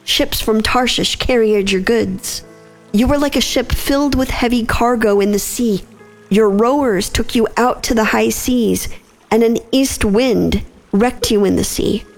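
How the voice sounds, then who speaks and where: A woman reading scripture aloud and then leading a prayer in a slow, measured, reverent way. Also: a little high, soft background music. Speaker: scripture reader and prayer leader.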